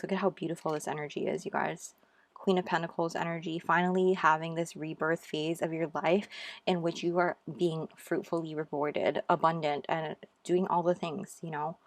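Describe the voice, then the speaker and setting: A woman with a low voice reads tarot cards for her viewers in a casual, gushing way. She keeps encouraging them and talks to them as "you guys.". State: out of breath. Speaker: tarot reader. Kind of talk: casual tarot reading to camera.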